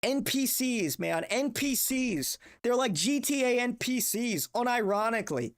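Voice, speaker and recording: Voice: mid-range voice, lively intonation, a little slow. A young adult streamer ranting casually, profane, exasperated and rambling. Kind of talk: casual livestream rant.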